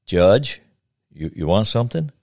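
Man doing a mild hesitant barber, deep voice, dry. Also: big pitch swings, a little slow, a little mellow, no echo, exaggerated voice. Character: plain-spoken male small-town barber.

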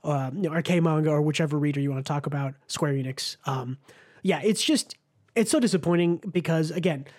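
A man's voice: fairly high pitch, a little fast, a little mellow. A man hosting a casual manga podcast, chatty, with many ums and restarts.

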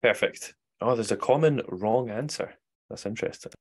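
A man co-hosting a casual podcast chat, running a quiz, quick to laugh. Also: medium pitch. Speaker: podcast co-host.

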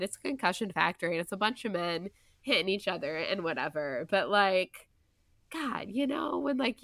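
A young woman, co-hosting a casual podcast chat, animated and full of "like" and "you know". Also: fairly low pitch, dry recording. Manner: chatty and animated, many "like" and "you know" fillers. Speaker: podcast co-host.

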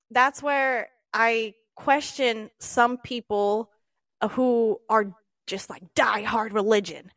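Argumentative woman, high voice. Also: fairly even intonation, slow pace, a bit bright, dry recording. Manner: argumentative, explains at length with stumbles. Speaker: podcast co-host. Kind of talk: casual debate.

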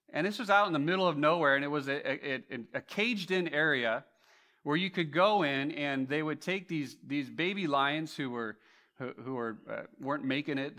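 Male pastor, bright, slightly high voice; lively sermon storyteller who swings from hushed to booming, repeats words as he goes. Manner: frequent restarts and repeated words.

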